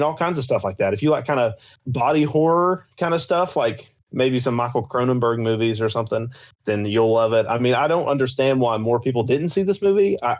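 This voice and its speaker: A young man co-hosting a podcast, gushing about films in a casual, rambling way full of fillers. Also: medium pitch. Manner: enthusiastic, rambling with many fillers. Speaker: podcast co-host. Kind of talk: casual chat. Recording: slightly dull lo-fi sound.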